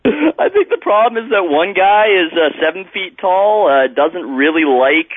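A man's voice: high-pitched, big pitch swings, a little slow, dry recording. A man calling in as a guest reporter on a radio show, talking with hesitant restarts and self-corrections. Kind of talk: radio phone interview. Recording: tinny phone line.

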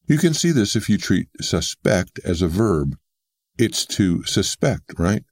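Deep-voiced man reading a script. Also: darkish tone, dry recording, studio quality. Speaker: narrator of a book summary. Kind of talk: scripted narration.

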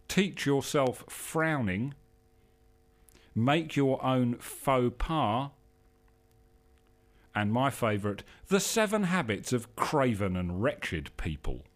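A man hosting a show, reading a whimsical story in a wry, measured way with the odd um. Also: mid-range voice. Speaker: show host and reader.

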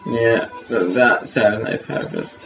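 A man's voice: fairly low pitch, huge pitch swings, slow, creaky. A man co-hosting a casual watch-along commentary, bluntly critical and swearing. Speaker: podcast co-host. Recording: distant, dull lo-fi with music.

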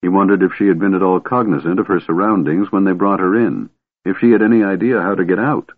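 A man reading fantasy fiction aloud as an audiobook narrator, in a steady, measured way. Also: sits low, dry recording. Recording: narrow phone-like audio, dry.

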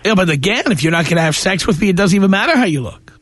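A man's voice: high voice, expressive, racing, fairly bright tone, dry recording. A man hosting a call-in radio show, talking bluntly and condescendingly to a caller. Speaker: radio talk show host.

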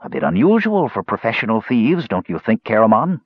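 A man voicing Raistlin, a soft-spoken cold young mage. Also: fairly low pitch, very animated, brisk, slightly rough, dry recording, highs cut off. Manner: soft, whispering, cool.

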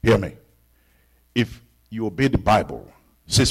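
A middle-aged man from Africa, a pastor preaching a sermon, dropping to hushed whispers and rising to loud exclaims. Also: lowish voice, very animated, unhurried, long pauses, husky.

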